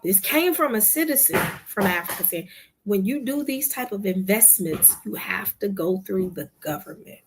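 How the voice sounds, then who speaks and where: Over a noisy background, a woman hosts a livestream show at a normal pace, her medium-pitched voice full of expression. She chats casually with viewers, often calling them "y'all," and retells a conversation through quoted dialogue as she tells her story.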